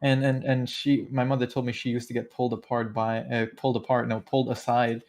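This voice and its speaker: A man's voice: mid-range voice, little pitch movement, brisk, darkish tone. A man co-hosting a casual podcast, telling a story in a rambling, sarcastic way, full of fillers. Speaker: podcast co-host. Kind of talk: casual chat.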